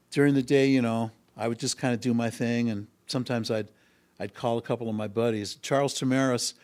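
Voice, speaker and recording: A man's voice: mid-range voice, darkish tone. Picture a male musician settling into a guest chair at a music school podcast studio. His medium voice wanders through an anecdote, and he stops often to hesitate before picking the thread back up. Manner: rambling, with frequent hesitations. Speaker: musician guest, harmonica and bass player. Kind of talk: casual storytelling in an interview.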